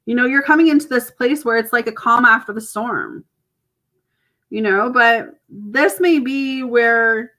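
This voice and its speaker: A woman's voice: on the high side, sharp tone. A Canadian woman, mother of grown children, giving a chatty, reassuring live tarot reading to viewers. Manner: chatty, reassuring, laughs often. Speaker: tarot reader.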